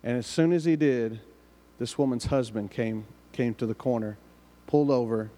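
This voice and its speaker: A man's voice: mid-range voice, normal speed, mellow. Man preaching in a reverberant hall. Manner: earnest, repeats and restarts phrases while telling a story. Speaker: pastor. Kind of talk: sermon storytelling. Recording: long reverb of a large hall.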